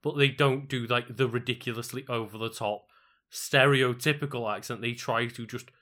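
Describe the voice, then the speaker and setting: A man's voice: mid-range voice, steady tone, moderate pace, fairly bright tone. A man co-hosting a stream in casual chat, rambling with many fillers and some swearing.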